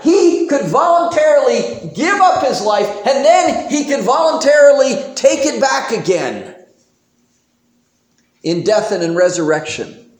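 A man preaching a sermon in a church, animated and emphatic, with homely humor. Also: very high voice. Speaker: pastor. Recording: roomy echo.

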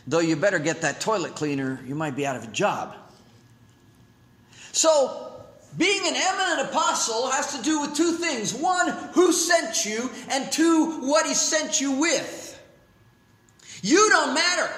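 A male pastor preaching a sermon in an animated way, his pitch swinging up and down as he acts out quotes. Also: moderate pace. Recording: echoey room.

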